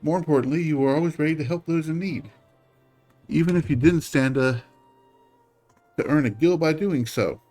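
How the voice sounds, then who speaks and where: A man's voice: fairly high pitch, normal speed, long pauses, a little mellow, pitched above the performer's own voice, close to an everyday voice. Guy doing a formal game envoy, stately and polite, faint music behind. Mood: earnest, formal. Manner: stately, courteous storybook delivery. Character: formal, earnest envoy of a secret order.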